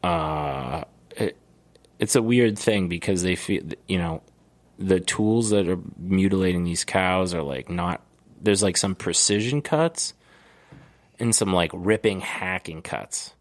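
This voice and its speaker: Deep-voiced man in rambling podcast chat. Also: slow pace. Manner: rambling, profane storyteller. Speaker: podcast co-host. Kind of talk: casual chat.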